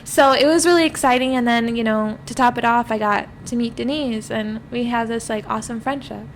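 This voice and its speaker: This young woman co-hosts a podcast and reflects on her friendships in an easygoing, thoughtful way. Her voice is a little higher than most women's. Faint noise hums underneath. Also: fairly quick. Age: young adult. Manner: reflective, heavy on "you know" fillers. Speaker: podcast co-host. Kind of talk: casual chat.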